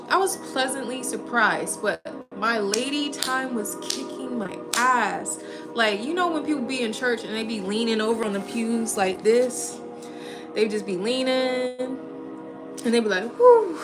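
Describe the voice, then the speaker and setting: Lively young woman chatting over music. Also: fairly high pitch. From Minnesota. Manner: animated, laughing storyteller, slangy. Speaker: livestream host. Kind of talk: casual livestream chat. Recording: music playing behind.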